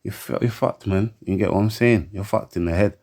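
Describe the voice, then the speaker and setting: Deep-voiced man, heated rant to camera, repetitive and stammering. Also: fairly quick, a little mellow. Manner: heated and emphatic, keeps asking for agreement; stammers and repeats words. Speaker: commentator.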